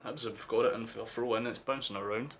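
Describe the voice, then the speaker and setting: A young man commentating a football match live for his stream as a fan, sweary and excitable, erupting into shouts. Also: medium pitch, fast talker.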